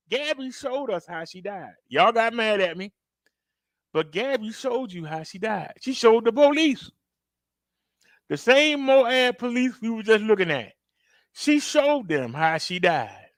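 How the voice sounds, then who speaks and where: A man hosts a reaction video in a high voice full of big pitch swings, speaking at a measured pace with no room sound. He offers casual, emphatic commentary straight to his viewers, acting out outbursts as he recounts a story.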